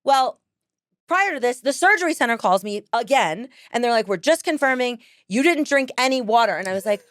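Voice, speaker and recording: A woman podcast host telling a personal story in casual chat, animated, laughing often and acting out other people's lines. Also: fairly high pitch, fairly quick, no echo, studio quality.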